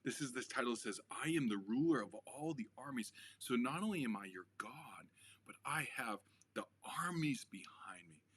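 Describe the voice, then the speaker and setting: Earnest man preaching a short devotional. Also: mid-range voice. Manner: earnest, animated when quoting, drops to a near whisper for emphasis. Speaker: pastor.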